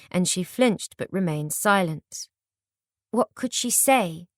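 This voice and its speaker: Woman with a measured audiobook voice. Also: fairly low pitch, dry recording, clean studio sound. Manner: steady, measured storytelling. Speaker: narrator. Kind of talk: audiobook narration.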